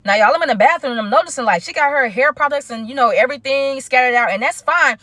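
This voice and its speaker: A young woman, telling a storytime in a casual, animated way and talking straight to her viewers. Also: a little high, no echo. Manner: animated, talks straight to viewers with lots of asides. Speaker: storytime vlogger.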